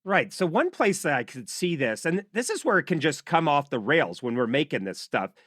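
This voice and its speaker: A man's voice: a little high, sing-song, normal speed, a bit bright, dry recording, clean studio sound. A man hosting a podcast, asking chatty, rambling questions full of "you know.". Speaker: podcast host. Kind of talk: podcast interview.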